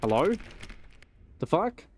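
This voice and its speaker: A man's voice: on the high side, very animated, takes it slowly, a little mellow, slight background noise. A young man casually rambling and joking while he streams a game, with some swearing. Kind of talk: casual gameplay commentary.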